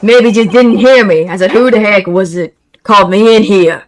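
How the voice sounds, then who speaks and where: A woman's voice: mid-range voice, slight background noise, lightly acted. A woman reading a brash male thug from a courtroom game with a put-on Brooklyn accent. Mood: gruff. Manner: brash, bullying, fast. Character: gruff loud male thug with fake Brooklyn twang.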